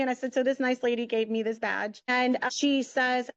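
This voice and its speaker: A woman's voice: high-pitched, moderate pace, few pauses, no echo, lo-fi sound. A middle-aged woman guest telling a story casually and with energy, acting out the lines of the people in it. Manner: chatty, animated, acts out quoted dialogue. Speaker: guest, media entrepreneur.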